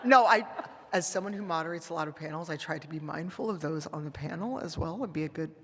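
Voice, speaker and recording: A woman's voice: low-pitched, quick pace, slightly rough. A woman in her fifties speaking on a convention panel, blunt and sassy as she gives advice. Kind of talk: candid convention panel talk. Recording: reverberant convention hall.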